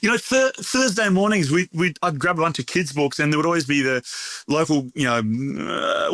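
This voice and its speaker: A man's voice: medium pitch, bright, forceful tone, dry recording. A middle-aged man talking as an interview guest, a chatty storyteller who restarts his sentences and laughs often. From Australia. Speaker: interview guest, bakery owner. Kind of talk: conversational interview.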